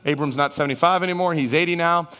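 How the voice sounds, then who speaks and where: Animated man preaching in a hall. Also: on the high side, fast talker, clean tone. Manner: animated, acts out Bible figures and congregants in raised voices. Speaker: pastor. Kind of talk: sermon. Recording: reverberant hall sound.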